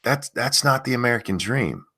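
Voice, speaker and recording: A man's voice: moderate pace, husky. A man hosting a casual livestream, ranting with a lot of profanity and reading viewer comments aloud. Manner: lively pitch, mocking voices. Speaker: streamer host.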